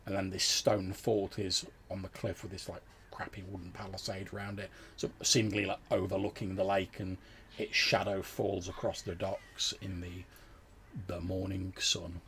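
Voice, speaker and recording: Gravelly low-voiced game master. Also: male voice, flat delivery, normal speed, a bit bright, a little hiss or hum. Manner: rambling, filler-heavy description. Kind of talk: narrating a tabletop game.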